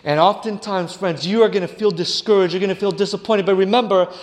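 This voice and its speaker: A male preacher telling a story in a sermon, dramatic, often dropping his voice to a hush for effect. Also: sits high, steady tone, fast talker, big-room sound. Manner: dramatic, drops to a hush, addresses listeners as "friends".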